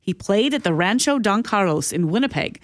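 Female morning radio co-host, mid pitch, playful and chatty, dry close mic. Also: expressive, normal speed, dry recording. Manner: playful, reminiscing. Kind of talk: casual radio chat. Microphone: studio microphone.

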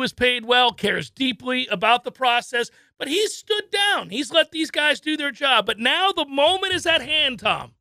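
A man's voice: very high-pitched, gravelly, no room sound, clean studio sound. A man co-hosting a casual sports talk show, telling stories with lots of acted-out voices and frequent laughter. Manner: animated storyteller, acts out voices, laughs often. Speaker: sports radio co-host.

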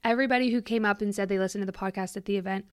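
A woman's voice: mid-range voice, steady tone, rapid-fire, clean tone, dry recording, clean studio sound. A young woman hosting her own podcast, chatting in a reflective, emotional way with lots of "like" fillers. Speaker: podcast host. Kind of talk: casual reflective chat.

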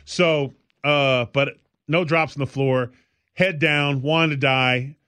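Speaking slowly in a medium pitch, a man co-hosts a podcast, his intonation fairly even and his tone fairly bright and clean in a dry recording. He wanders loosely through his stories in casual conversation, leaning on lots of fillers.

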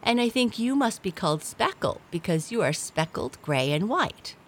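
A woman's voice: mid-range voice, sing-song, moderate pace, a little hiss or hum, pitched above the performer's own voice, lightly acted. A woman voicing a curious young female black cat in a storybook, asking eager, wide-eyed questions. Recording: clear music behind voice.

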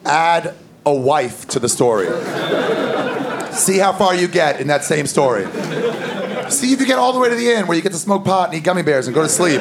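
A male comedian tells a story in a loose, crude way. His voice is fairly high and gravelly. A big live crowd laughs loudly throughout. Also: heavy background noise. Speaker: stand-up comedian. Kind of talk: stand-up comedy set.

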